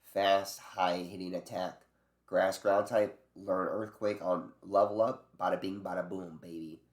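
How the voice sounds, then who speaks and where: Man, low voice, casual rambling chat, swears a lot, lots of fillers and restarts, echoey room. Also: steady tone, a little slow. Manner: loose and profane, with many fillers and restarts. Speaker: video creator ranking game creatures.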